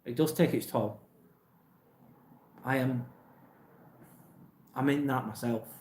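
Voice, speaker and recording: An English man talks casually and bluntly through a live stream, reading out viewers' messages and giving straight answers. His voice sits at an ordinary middle pitch. The room around him is echoey. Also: steady tone, slow, darkish tone, a little hiss or hum. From England. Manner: blunt, plain-spoken, swears casually. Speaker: livestream host reading chat.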